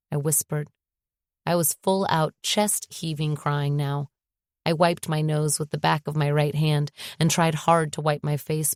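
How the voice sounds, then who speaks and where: Low-pitched female audiobook narrator, expressive first-person read, dry close mic. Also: no room sound.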